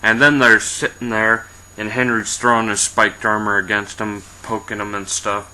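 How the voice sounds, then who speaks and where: A man's voice: on the low side, level tone, moderate pace, pushed and bright, poor audio. A man casually telling an improvised fantasy adventure story, rambling and swearing, briefly voicing his characters.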